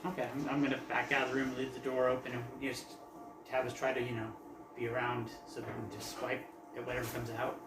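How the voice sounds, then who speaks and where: A man's voice: mid-range voice, completely flat delivery, fast, background noise. A man playing a tabletop game, describing his character's actions with hesitant, casual talk. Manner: hesitant, uses "like" and restarts. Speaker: player. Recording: distant roomy mic under loud music.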